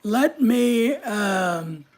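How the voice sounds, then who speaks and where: A man's voice: high voice, lively intonation, drawn-out words. A man hosting a casual live stream, rambling in a chatty, joking way and greeting viewers by name as he reads their comments. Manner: rambling, chatty, jokey asides; talks straight to viewers by name. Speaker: livestream host reading viewer comments.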